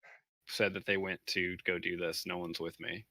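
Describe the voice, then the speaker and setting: Male player, lowish and bright, halting, dry sound. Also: flat delivery, slight background noise, rough recording. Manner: hesitant, many fillers. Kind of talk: playing a tabletop game.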